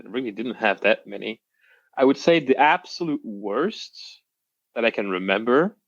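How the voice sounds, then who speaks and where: A young man, a coaching client, telling his story in a casual interview with halting restarts, reenacting what others said. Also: medium pitch, dry recording, lo-fi sound.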